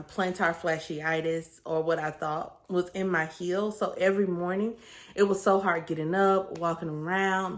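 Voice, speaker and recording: A woman giving a candid, casual vlog update to her viewers, talking in an earnest, chatty way with plenty of fillers and restarts. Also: fairly low pitch. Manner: chatty, earnest, with frequent fillers and self-corrections. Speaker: vlogger sharing a weight-loss surgery journey.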